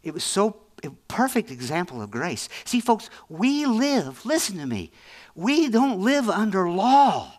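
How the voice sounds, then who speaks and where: A man's voice: high voice, big pitch swings, measured pace. A middle-aged man preaching a sermon with fervent conviction, repeating phrases for emphasis. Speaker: pastor.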